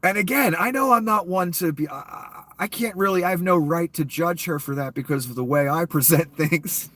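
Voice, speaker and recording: A man's voice: a little high, normal speed, a bit bright. A man with a cold ranting sarcastically and profanely as a YouTube commentator, in a casual off-the-cuff style. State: ill, coughing.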